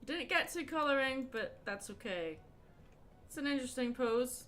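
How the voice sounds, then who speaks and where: A woman's voice: sits high, expressive, moderate pace, fairly bright tone. A young Scottish woman chatting casually while she draws on a livestream, talking about herself with a chatty, self-mocking humor and laughing often. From Scotland. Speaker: artist streamer. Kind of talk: casual chat while drawing on stream. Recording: faint music behind.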